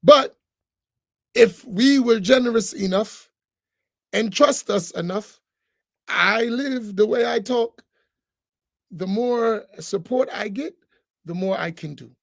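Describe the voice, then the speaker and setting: A man's voice: high voice, gravelly, dry recording, studio quality. A man, an imam, giving an informal reflection talk with humor and acted-out voices. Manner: animated, humorous, acts out voices, preachy asides.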